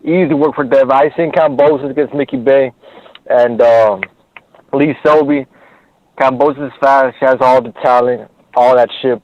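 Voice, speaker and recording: Brief: male caller, fired up and profane, mid-pitched, muffled phone line, dry. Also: no room sound. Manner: profane, heated, forceful argument. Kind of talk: heated call-in rant.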